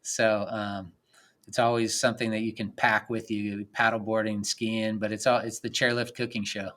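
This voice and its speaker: A man talking as a podcast guest in casual chat, rambling and animated, with lots of "like" and frequent laughs. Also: lowish voice, moderate pace. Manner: animated, rambling, says "like" a lot, laughs often.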